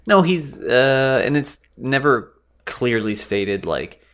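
A man's voice: mid-range voice, animated, takes it slowly, fairly bright tone. A man co-hosting a podcast, recapping a film bluntly, swearing freely and correcting himself. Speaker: podcast co-host. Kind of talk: casual movie discussion.

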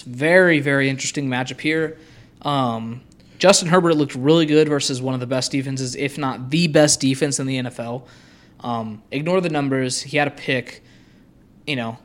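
A man co-hosting a sports podcast, chatting casually about football picks with frequent ums. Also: medium pitch. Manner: relaxed, frequent ums and you-knows. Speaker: podcast co-host.

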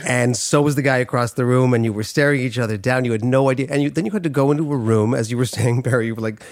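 A man's voice: mid-range voice, fast talker, no room sound. Brief: male host, conversational, reminiscing, dry close recording. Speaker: podcast host. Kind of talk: casual chat.

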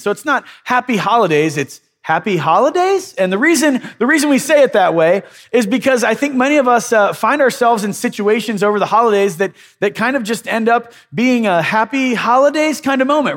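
Pastor guy rambling through a funny story at church, kinda high voice, lots of restarts. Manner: rambling, self-deprecating, many restarts. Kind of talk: casual sermon storytelling.

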